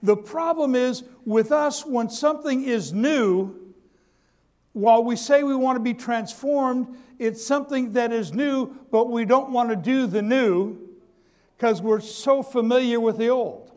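With an extremely high pitch, an unhurried pace, and a darkish tone, a man gives a sermon. He stumbles and restarts, calls on the congregation to answer, and repeats his key lines.

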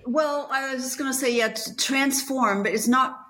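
A woman's voice: high voice, moderate pace, fairly bright tone. A woman leadership coach as an interview guest, explaining her views in reflective, searching phrases. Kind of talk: casual interview conversation.

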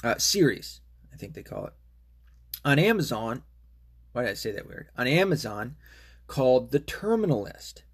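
A man's voice: medium pitch, very animated, a little fast, slightly rough. A man hosting a podcast, talking in a casual, rambling and profane rant. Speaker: podcast host. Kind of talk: casual monologue.

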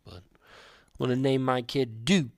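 A man's voice: mid-range voice, unhurried, no echo, clean studio sound. A young man co-hosting a podcast, chatting casually, joking and rambling with frequent laughs. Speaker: podcast co-host. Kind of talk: casual chat.

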